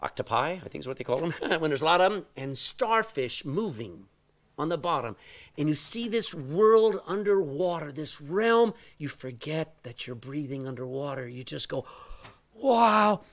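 Middle-aged guy preaching, voice jumps all over, big swings loud to quiet. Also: fairly high pitch, normal speed. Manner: animated storytelling, swings from loud exclamations to quiet asides. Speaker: pastor. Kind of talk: sermon.

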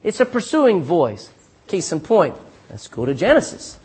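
A man's voice: high-pitched, wildly swooping pitch, moderate pace, husky. A man preaching a sermon in a folksy, emphatic way. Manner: folksy, emphatic preaching with sudden loud bursts and chuckles.

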